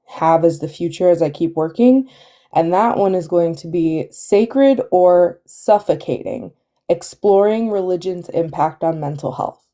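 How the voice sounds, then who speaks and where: A woman on a live stream, speaking with a very dark, mellow tone and a lowish voice. She talks in a hesitant way, full of fillers and restarts, and sounds like she is nursing a headache. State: has a headache. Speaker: guest caller. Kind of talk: casual live-stream chat.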